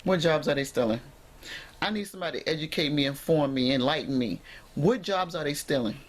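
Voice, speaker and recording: A woman's voice: low voice, a little fast. Emphatic woman vlogger lecturing viewers. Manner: emphatic, preachy, addresses viewers directly. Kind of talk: direct-to-camera commentary.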